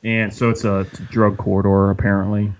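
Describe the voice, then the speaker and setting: A man's voice: lowish voice, level tone, a little fast, a little hiss or hum, poor audio. A man from South Texas with a slight Southern twang, a podcast guest answering questions hesitantly with many fillers. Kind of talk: casual interview answers.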